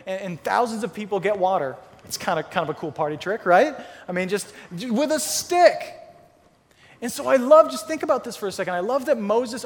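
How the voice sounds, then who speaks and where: High-voiced man preaching in a reverberant hall. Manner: conversational storytelling, acting out Bible characters. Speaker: pastor. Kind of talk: sermon.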